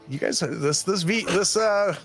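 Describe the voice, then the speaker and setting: A man's voice: high-pitched, fairly bright tone, breathy edge. A man running a tabletop horror game as game master, hesitant and full of ums and restarts.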